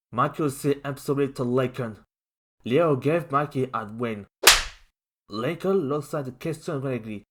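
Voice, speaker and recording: A narrator reading a homemade fan story aloud in a halting, stumbling way. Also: mid-range voice.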